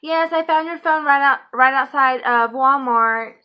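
A woman's voice: high voice, unhurried. A woman imitating the eager, evasive stranger who claims to have found her phone, in a dull lo-fi recording.

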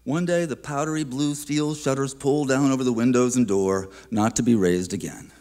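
A man giving a poetry reading at a museum, introducing his poem in a reflective, unhurried way with small hesitations, then reading it aloud. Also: mid-range voice, a little mellow. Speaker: featured poet. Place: live reading in an art museum.

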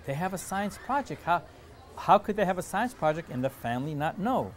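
A man's voice: sits high, big pitch swings, brisk, slight background noise. A man voicing a hurt, indignant girl. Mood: puzzled. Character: hurt, angry young girl.

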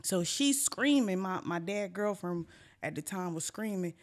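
Her voice fairly low and her pace a little slow, a young female podcast host recounts a funny story with plenty of casual profanity. She stays animated throughout, performing the voices of the other people involved.

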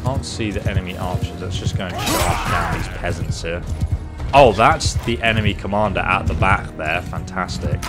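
A man's voice: deep voice, normal speed. A man commentating his strategy game playthrough with playful banter, taunting enemy soldiers as he goes. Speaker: gameplay commentator. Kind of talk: let's play commentary. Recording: faint background game music.

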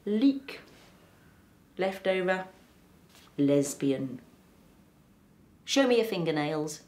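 An actress playing a blunt, tactless woman therapist who talks in a sing-song way with abrupt jumps in pitch, in a sitcom. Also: very animated, drawn-out words, darkish tone, echoey room, exaggerated voice. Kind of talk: sitcom acting.

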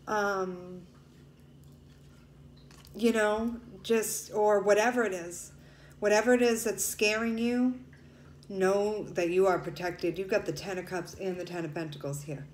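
A woman's voice: mid-range voice, fairly even intonation, unhurried. A woman talks her way through a tarot reading in a loose, chatty, emotional manner, with tears in her voice at times. Her voice carries an echo from the room. A faint hiss sits under it. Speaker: tarot reader. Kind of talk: casual tarot reading to viewers.

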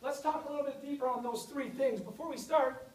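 A man's voice: very high voice, fairly quick, crowd noise. Breathless male lecturer in an echoey hall. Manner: energetic, addresses audience directly. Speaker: guest lecturer. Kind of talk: motivational lecture to students. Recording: echoey hall from far off, faint noise.

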